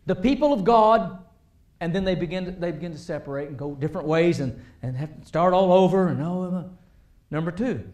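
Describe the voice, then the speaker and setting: Man preaching a sermon, pretty high voice, big echo off the church walls, goes loud then soft. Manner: animated, rising and dropping between loud emphasis and quiet asides.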